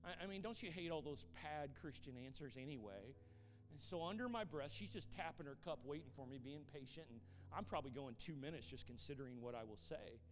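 A traveling pastor telling a story in a sermon to a congregation, animated and prone to stammering repeats when excited. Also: male voice, a little high, a little fast. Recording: long hall reverb, faint music.

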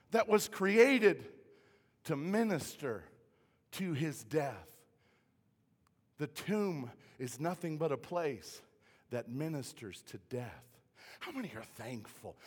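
A male pastor preaching a sermon, swinging from hushed, quiet lines to shouted peaks. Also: sits high, lively intonation, unhurried. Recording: hall reverb.

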